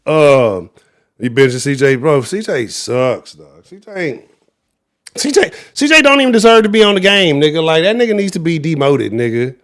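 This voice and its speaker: Brief: Houston-accented male sports show host, higher voice, angry profane livestream rant. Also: normal speed. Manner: angry, profane, animated ranting.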